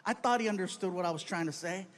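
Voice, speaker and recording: A man telling a story in a stand-up set, animated and jokey, in a comedy club with audience noise behind him. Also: high-pitched, fast. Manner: animated, jokey, slips into character voices. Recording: live club show with loud audience noise.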